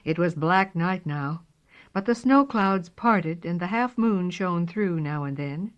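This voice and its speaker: A woman reading a storybook aloud in a slow, expressive way. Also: on the low side. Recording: dull lo-fi recording.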